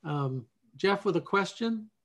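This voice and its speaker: A man's voice: high-pitched, lively intonation, unhurried. A man hosting a video call discussion, asking curious, conversational questions. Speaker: host.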